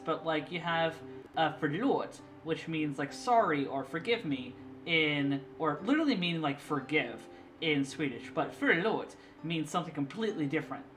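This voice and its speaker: A man's voice: fairly high pitch, fairly bright tone. A young man streaming casually, chatty and eager to explain, laughing often. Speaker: streamer and artist. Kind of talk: casual live-stream chat. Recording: clear background music.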